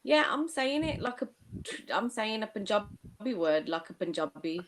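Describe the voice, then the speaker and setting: A woman's voice: mid-range voice, big pitch swings, normal speed, slight background noise, poor audio. A woman on a casual livestream panel, sassy and teasing, swearing as she pushes back at the host. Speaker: panel guest.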